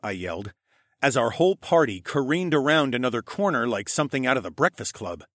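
A man narrating a first-person audiobook in a wry, expressive way, shouting the dialogue of his hero. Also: mid-range voice, quick pace, no room sound, clean studio sound.

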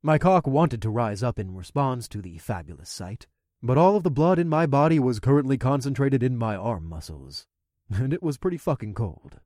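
A man narrating a first-person fantasy story in an expressive, conversational storytelling manner. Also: medium pitch, moderate pace, dry recording, clean studio sound. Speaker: audiobook narrator.

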